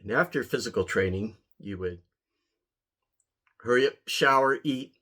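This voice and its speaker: A man's voice: mid-range voice, measured pace, pushed and bright. A man from Ohio, an army veteran, telling a story in a casual, wry way and chuckling at himself. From Ohio, USA. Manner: wry, dry, chuckling at his own story. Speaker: pipe-smoking vlogger, army veteran.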